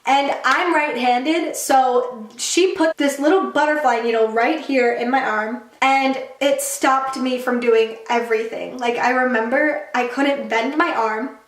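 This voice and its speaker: A young woman telling a storytime vlog in a chatty, animated way, acting out quotes and saying "like" a lot. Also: high voice. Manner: chatty, quick, animated retelling with acted-out quotes and many "like" fillers. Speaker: YouTuber. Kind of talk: storytime vlog, casual chat. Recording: roomy echoey room.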